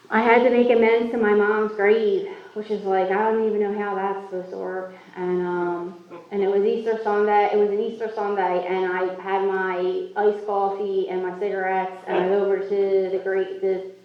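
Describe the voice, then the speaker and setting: A woman speaking at a recovery meeting, telling her own story in a candid, self-mocking way. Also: mid-range voice. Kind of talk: personal recovery story talk. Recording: echoey hall, far from mic, muffled.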